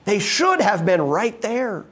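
A man's voice: high voice, very animated, slow, a bit bright, slightly rough. A man preaching a sermon to a live congregation, emphatic and full of rhetorical questions put to the listeners. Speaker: pastor.

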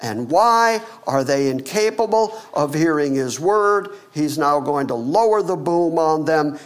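A male pastor preaching a sermon, with wry asides and dramatic swings in pitch, dropping low for emphasis. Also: expressive, measured pace, hardly any pauses.

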